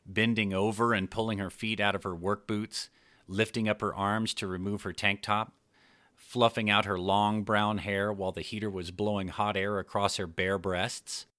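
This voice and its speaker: Low-voiced man narrating a story. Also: flat delivery, normal speed, pushed and bright, dry recording, clean studio sound. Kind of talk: scripted narration of an adult story.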